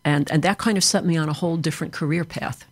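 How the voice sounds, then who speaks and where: A man's voice: a little high, fast talker, breathy edge, dry recording. A man from Chicago with an American accent, answering interview questions in a fluent, explanatory way as an author and trainer. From Chicago, USA.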